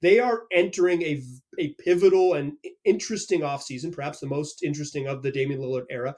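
A man's voice: on the high side, fast. A man hosting a casual podcast interview, talking with energy and telling stories with lots of restarts. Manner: energetic, animated storyteller with frequent restarts. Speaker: podcast host and team reporter.

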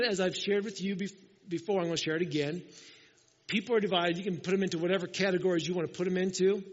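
A high-pitched man preaches a sermon, telling the story with life and acting out the voices of the people in it. His voice rings through a big hall with a long tail of reverb. The sound is slightly dull and muffled. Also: breathy edge. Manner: lively storytelling, acting out quoted lines. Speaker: pastor.

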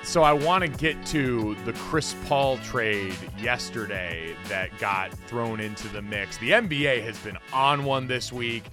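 A man's voice: mid-range voice, a little slow, hardly any pauses, over music. A man hosting a sports podcast, chatting casually and steering the talk between topics. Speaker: podcast host.

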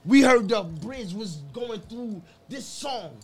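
A man's voice: high-pitched, lively intonation, takes it slowly. A man with a New York accent, from Queensbridge, talking in casual group banter and repeating his points emphatically. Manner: emphatic, repeats himself insistently. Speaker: podcast co-host.

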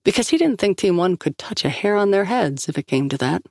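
A woman narrating a story in an even scripted storytelling voice, recorded close on a studio mic. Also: lowish voice, fairly quick, no echo. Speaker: audiobook narrator.

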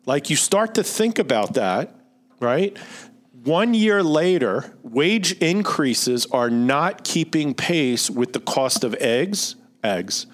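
A man's voice: a little high, sing-song, slow. A middle-aged man with a Philadelphia accent hosts a finance podcast. He talks in a loose, explanatory way, reading out figures and tossing in rhetorical questions. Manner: explanatory, reads out figures, asks rhetorical "right?". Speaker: financial advisor podcast host. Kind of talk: conversational podcast talk.

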